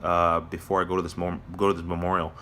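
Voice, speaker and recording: A man giving a somber personal vlog update from his workplace, talking in a halting, reflective way with many pauses and restarts. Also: deep voice, monotone, bright, forceful tone, a little hiss or hum. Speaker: vlogger. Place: at his workplace near closing time.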